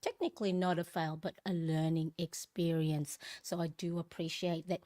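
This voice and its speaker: A woman hosting a casual planner live stream, chatty and laughing often, greeting viewers one by one, her voice a bit croaky in the morning. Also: on the low side, little pitch movement, normal speed, warm tone.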